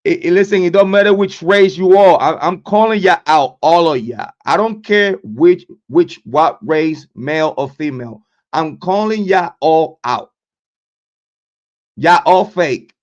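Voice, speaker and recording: On his true crime livestream, a man with a slightly high, expressive voice rants at normal speed in a profane, confrontational manner. His speech is full of repetition and stammered restarts, recorded with dull lo-fi sound.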